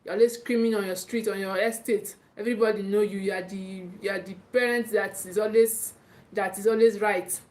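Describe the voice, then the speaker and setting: A woman's voice: mid-range voice, steady tone, a little fast, a little mellow. A woman with a Nigerian English accent coaching parents in a live talk, emphatic, often repeating and restarting her phrases and checking in with "okay".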